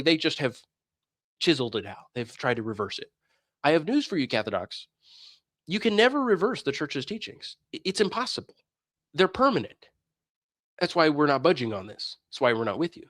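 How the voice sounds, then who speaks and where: A man hosts a religious debate stream, launching into a heated, scornful, preachy monologue that mocks his opponents. His slightly high, fairly bright voice swings widely in pitch at a brisk pace, captured with clean studio sound and no room sound.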